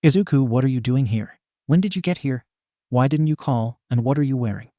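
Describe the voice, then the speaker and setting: A man's voice: mid-range voice, brisk, dark tone, no room sound, studio quality, close to an everyday voice. A man voicing a fussing, worried middle-aged mother in a fan fiction reading, firing off flustered questions.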